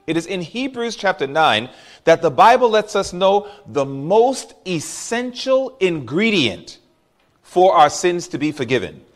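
A man's voice: high voice, big pitch swings, a little slow. A man preaching to a congregation, telling a story from his childhood and calling out to the crowd. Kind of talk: sermon.

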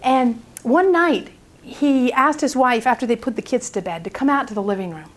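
A woman speaking at a prayer seminar, telling a story in an animated way and acting out its people. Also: on the high side, moderate pace.

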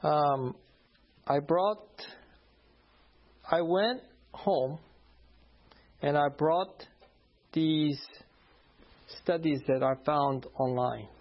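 A man's voice: fairly high pitch, extremely slow, long pauses. A man preaching, telling a personal story from the pulpit, often laughing and acting out the voices of the people in it. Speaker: pastor. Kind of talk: sermon storytelling. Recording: dull lo-fi sound.

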